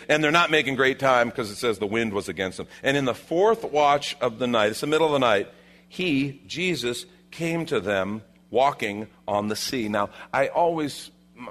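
A man preaching a sermon, acting out the disciples' lines with lively shifts and dropping to a hushed tone at reflective moments. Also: medium pitch. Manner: animated, acts out the disciples' lines. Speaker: pastor.

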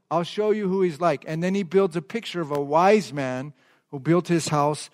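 A man preaching a sermon as pastor, calling on the congregation to repeat phrases and drawing out key words slowly for emphasis. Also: on the high side, darkish tone. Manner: call-and-response, asks the congregation to repeat phrases. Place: church service before a congregation.

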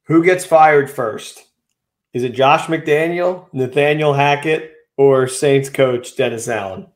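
A man co-hosting a casual sports podcast, bantering quickly and joking. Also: mid-range voice. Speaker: podcast co-host.

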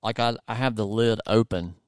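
A man's voice: on the low side, moderate pace, clean tone, no echo, studio quality. A man with a Southern US accent hosting a casual interview, rambling with lots of fillers. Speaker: podcast host.

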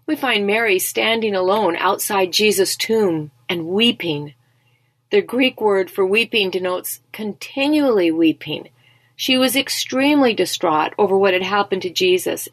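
Breathy woman reading a devotional. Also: medium pitch, no echo. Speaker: devotional speaker.

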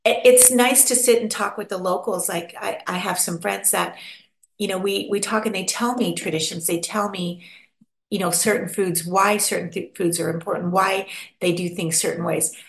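A woman's voice: medium pitch, moderate pace, gravelly. An American woman from Pennsylvania, a guest chatting expressively in a casual interview. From Pennsylvania, USA. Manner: expressive, chatty, acts out little quoted voices. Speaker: podcast guest. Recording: roomy echo.

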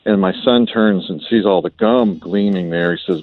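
A man's voice: low-pitched, normal speed, no echo. A middle-aged man calling in to a radio show, telling a funny family story in a folksy, wry way. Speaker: caller. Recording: muffled phone line.

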